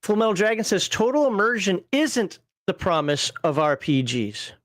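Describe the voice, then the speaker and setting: A man's voice: high-pitched, very animated, moderate pace, a bit bright, no room sound. A man hosting a livestream panel show, reading viewer comments aloud and giving wry, opinionated takes with frequent fillers.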